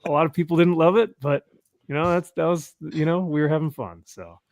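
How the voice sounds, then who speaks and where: A man's voice: on the high side, steady tone, a little fast, darkish tone, no room sound, clean studio sound. Joking young man hosting a livestream. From California. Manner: jokey, laughs often, reads viewer comments aloud. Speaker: livestream host. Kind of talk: casual chat.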